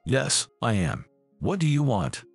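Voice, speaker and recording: A steady, firm mother who will not be pushed around, read by a male narrator. The voice has a gravelly, husky grain and an animated lilt. It is recorded dry and close, as in a storybook. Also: medium pitch, a little slow, no echo, soft background music, heavily acted. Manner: calm and firm. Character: calm, firm mother protecting her family.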